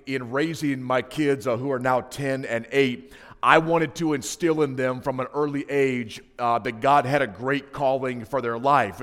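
A man's voice: mid-range voice, a bit bright. A man in his thirties, a pastor giving a sermon, telling personal stories in a conversational way with asides to the congregation. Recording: preaching in a reverberant hall.

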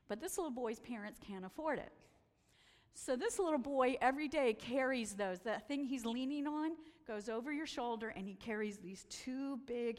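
Animated woman in a reverberant hall. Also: a little high. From United States. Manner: animated, acts out quoted voices. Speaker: speaker presenting photos. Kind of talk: storytelling talk with slides.

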